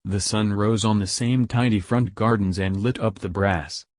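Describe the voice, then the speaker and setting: A man's voice: on the low side, fairly even intonation, moderate pace, no room sound. Man reading a storybook aloud. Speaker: audiobook reader. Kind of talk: storybook narration.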